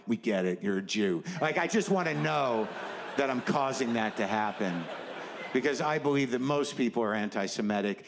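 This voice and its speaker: On a comedy stage, a medium-pitched male comedian rants and rambles through his set, dropping sardonic asides. Background noise is present, along with faint audience laughter and ambience.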